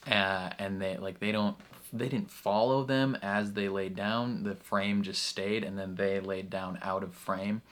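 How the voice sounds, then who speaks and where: A man's voice: fairly low pitch, fairly even intonation, unhurried, a bit bright, a little hiss or hum. A man hosting a reaction video, talking casually with lots of fillers and frequent laughter. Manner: chatty, full of fillers, laughs often.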